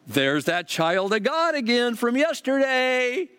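A man putting on a gushing church-shop lady who sings every blessing out, high and slow. Her voice sits well above his own and sounds a little thinner and set apart. She drips with delight at each customer. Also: sing-song, fairly bright tone, clear, resonant tone, exaggerated voice. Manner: effusive, drawn-out, sing-song. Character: gushing pious woman shop clerk.

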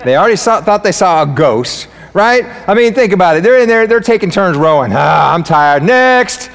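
Brief: lively, joking male pastor mid-sermon, fairly high voice, long hall reverb. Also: brisk. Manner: energetic, joking and preaching. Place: church sanctuary.

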